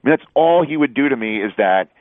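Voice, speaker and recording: A man's voice: mid-range voice, quick pace, no echo. A man, a sports broadcaster, telling stories as a guest in a casual interview, laughing often and acting out quotes. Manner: animated storyteller, laughs often, acts out quotes. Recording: dry, phone-line sound.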